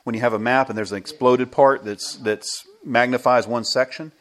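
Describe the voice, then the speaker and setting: An American man delivers a sermon from the pulpit of a church. His voice sits at an ordinary middle pitch, and he moves from teaching to anecdote with lively storytelling. He often chuckles between his points. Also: moderate pace. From United States. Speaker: pastor.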